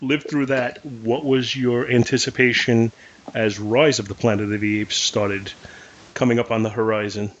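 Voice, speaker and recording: A man's voice: medium pitch, fairly even intonation, moderate pace. A middle-aged man hosts a casual podcast, talking in an easygoing, hesitant way with plenty of fillers. The sound is a little dull and lo-fi. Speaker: podcast host. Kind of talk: casual chat about movies.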